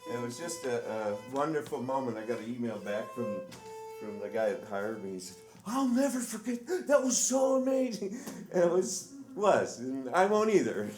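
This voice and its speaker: A man on a live stage telling rambling, chuckling anecdotes with plenty of fillers. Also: medium pitch. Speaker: stage performer telling stories. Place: live stage in a reverberant hall. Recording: echoey live hall, distant mic, faint noise.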